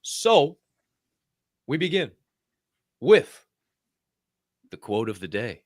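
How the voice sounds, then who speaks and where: Animated young man hosting a podcast. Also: mid-range voice, extremely slow, dry recording, studio quality. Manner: animated storyteller, swearing, shouting bursts. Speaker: podcast host. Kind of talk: casual podcast chat.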